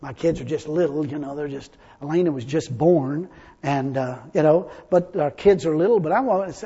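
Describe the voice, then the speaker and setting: A man preaching a sermon, telling stories in a chatty way and rising now and then into loud exclamations. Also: a little high, fast, husky. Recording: dull lo-fi audio with long hall reverb.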